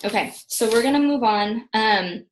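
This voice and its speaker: A woman in her thirties leads a motivational training call, her voice pitched a little high. She talks in a chatty, animated way, acting out quotes as she tells stories. The sound carries some echo from the room on the video call. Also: moderate pace, slight background noise. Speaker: team leader giving a training call.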